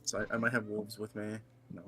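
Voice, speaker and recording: A man streaming a game with friends in casual chat, relaxed and reading out chat messages. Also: on the low side, quick pace, music in the background. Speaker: streamer and co-player. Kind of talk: casual chat while gaming.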